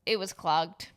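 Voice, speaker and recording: A young woman co-hosting a casual podcast chat, animated, laughing often and saying "like" a lot. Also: medium pitch. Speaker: podcast co-host.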